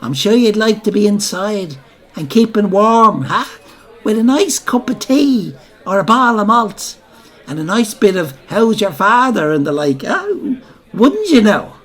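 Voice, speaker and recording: A man's voice: high-pitched, animated, slow pace, sharp tone, exaggerated voice. A man voicing a sly, coaxing middle-aged widow with a gutsy, wheedling voice.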